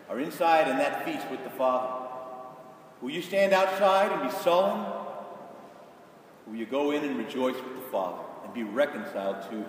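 A man preaching a sermon, his slightly high voice pleading and emphatic as he acts out the voices in his story. He sounds far from the microphone, with long reverb rolling through a large church and a faint hiss underneath. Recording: echoey hall from far off.

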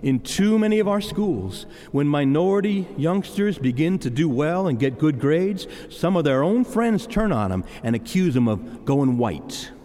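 A man preaching a sermon, emphatic and animated, speaking straight to the congregation. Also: a little high, a little slow, few pauses. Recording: reverberant hall.

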